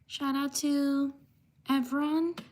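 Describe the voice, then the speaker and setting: A woman with a high voice hosts a livestream, reading out viewers' names one by one. She talks slowly and in an even, level tone. She writes each name by hand as she goes and apologizes when she may get one wrong. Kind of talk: livestream shout-outs.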